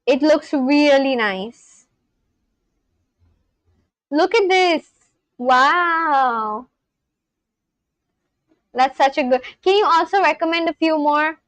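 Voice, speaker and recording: High-voiced young woman gushing on stream. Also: lively intonation, slow pace, pauses often, no echo, poor audio. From India. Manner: gushing, reads chat aloud and reacts. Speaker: livestreamer. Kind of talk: casual livestream chat.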